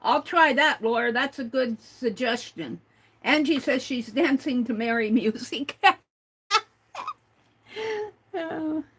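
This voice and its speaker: Slow-talking, high-voiced woman livestreamer. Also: a bit bright, slightly rough. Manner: chatty, reads viewer comments aloud and spells out words. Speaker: livestream host. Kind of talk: casual livestream chat.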